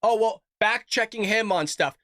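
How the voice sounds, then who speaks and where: A man's voice: high-pitched, normal speed, no echo, clean studio sound. Fired-up ranting male commentator. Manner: heated, profane, frustrated, shouting at times. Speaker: political commentary host. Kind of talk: ranting live reaction commentary.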